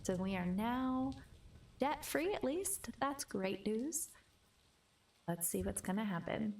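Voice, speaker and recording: A woman giving soft, unhurried bedtime commentary while playing a video game, gently amused. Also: on the high side, animated, distant mic. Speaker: gaming video host. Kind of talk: cozy bedtime gameplay commentary.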